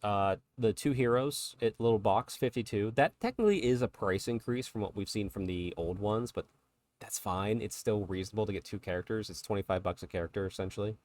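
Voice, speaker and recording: A man's voice: on the low side, brisk, a little mellow, no room sound, studio quality. A man co-hosting a podcast, talking casually and chattily about tabletop miniatures and laughing along with his co-host. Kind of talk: casual chat.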